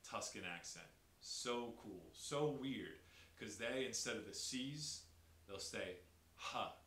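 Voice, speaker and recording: A man chatting energetically on a podcast, explaining language and accents with lively enthusiasm. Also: fairly low pitch, takes it slowly. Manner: energetic, imitates Italian accents. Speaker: podcast guest. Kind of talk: casual podcast chat. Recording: echoey room with faint hiss.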